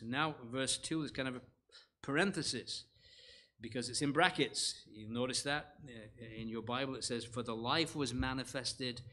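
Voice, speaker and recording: A man's voice: medium pitch, a bit bright. A man preaching an expository Bible sermon at a church conference, earnest, with rising and falling emphasis and rhetorical questions to the congregation. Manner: frequent fillers and self-corrections. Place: church hall.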